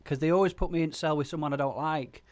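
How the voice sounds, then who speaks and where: A man's voice: on the high side, steady tone, fast talker. A man, doing improvised comedy banter as a brash, swearing pirate radio DJ.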